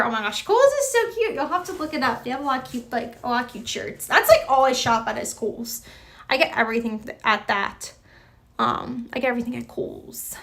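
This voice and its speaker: Talking live to her audience, this woman has a high, bright, forceful voice. She rambles casually, fills her speech with "like," and restarts sentences as she responds to comments.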